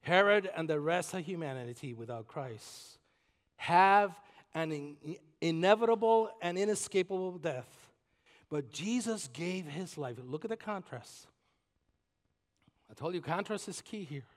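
A man preaching a sermon as a guest pastor, swinging from shouted emphasis to hushed, near-whispered passages. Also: on the high side, animated, measured pace. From Puerto Rico. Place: church sanctuary. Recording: long reverb of a large church hall.

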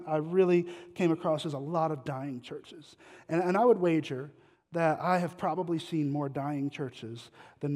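With a voice on the high side and a little mellow, a man preaches as guest pastor to a congregation. The church sanctuary gives the recording long hall reverb, and his sermon mixes conversational storytelling with questions for the audience.

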